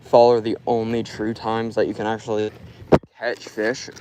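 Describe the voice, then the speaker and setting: A young Florida man chats loosely on a fishing live stream outdoors by a river, rambling and stuffing his talk with "like." His voice sits on the low side and stays monotone at a normal speed, and the recording is very noisy.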